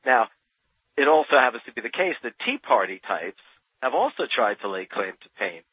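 A New Jersey man, guest on a radio interview as a Thomas Paine expert, argues with passion and emphasis, repeating words as his points build. His mid-range voice is very animated, fairly quick and husky, with no echo, heard through dull, dry lo-fi radio audio.

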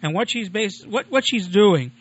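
A man's voice: sits high, animated, normal speed, slightly rough. A man hosting his own home-made radio show, talking in a chatty, digressive, self-deprecating way. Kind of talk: casual rambling monologue. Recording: lo-fi muffled recording.

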